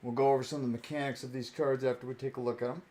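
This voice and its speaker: A man's voice: mid-range voice, flat delivery, very fast, warm tone. A young man streaming a card-pack opening, chatting casually with many fillers and chuckles.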